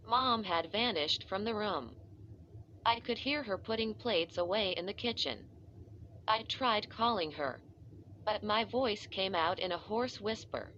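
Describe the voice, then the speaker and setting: Slow, bright-voiced woman reading a story. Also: medium pitch, slight background noise. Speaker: audiobook narrator. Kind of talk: first-person story reading. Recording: dull lo-fi dry recording.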